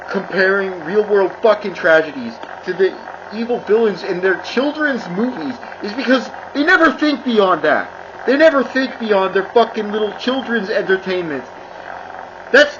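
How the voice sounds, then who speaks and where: A person delivering an angry, profane rant, swearing constantly and repeating themselves as they build up steam. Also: mid-range voice. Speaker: commentator. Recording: dull lo-fi with clear noise.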